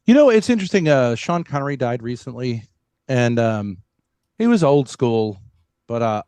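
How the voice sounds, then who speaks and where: A man on a debate panel, speaking haltingly, with many pauses and restarts. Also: mid-range voice, sing-song, a little mellow, clear, resonant tone, dry recording. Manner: halting, full of fillers and restarts. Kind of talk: heated debate.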